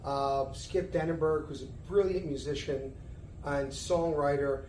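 A middle-aged man with a Philadelphia accent, a guest telling stories in a casual interview, lively and acting out the lines of others. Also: on the high side, a little slow. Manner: animated storyteller who acts out dialogue. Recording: roomy echo, faint background noise.

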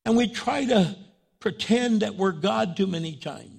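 A man's voice: sits high, animated, measured pace, gravelly, a little mellow, slightly rough. A man pastor giving a sermon in a conversational preaching style, repeating phrases and restarting often.

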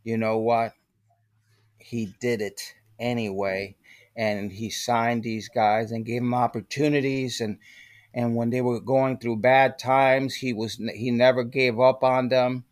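An older man, a guest on a podcast interview, tells stories animatedly and acts out the voices of the people he quotes. His voice sits in the mid-range and moves a little slowly. The recording is clean studio sound with no room sound.

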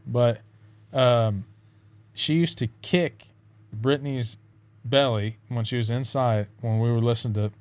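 A man's voice: mid-range voice, no room sound. A tipsy young man rambling and swearing as a podcast guest in a casual chat. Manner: rambling, swearing, laughs a lot.

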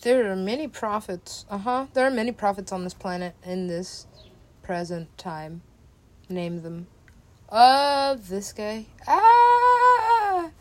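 A woman's voice: mid-range voice, unhurried. A woman DJ talking in a meandering, casual way, swearing freely and laughing often. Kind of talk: rambling casual monologue.

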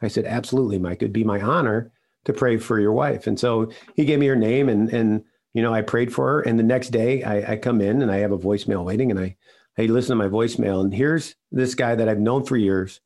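An older man telling a personal story in an interview, earnest and halting, often restarting his sentences. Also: lowish voice, darkish tone. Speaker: regular podcast host, interviewed guest.

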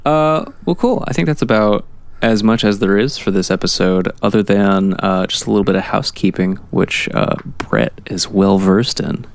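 A man's voice: deep voice, steady tone, normal speed, gravelly, dry recording. A man co-hosting a casual podcast, wrapping up with dry jokes. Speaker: podcast co-host.

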